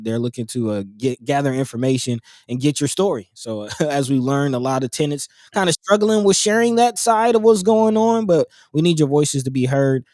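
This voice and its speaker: Laid-back man giving community shout-outs. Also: mid-range voice, dry recording, studio quality. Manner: relaxed and rambling, many fillers and soft laughs. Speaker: co-host of a community talk show. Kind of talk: casual community news chat.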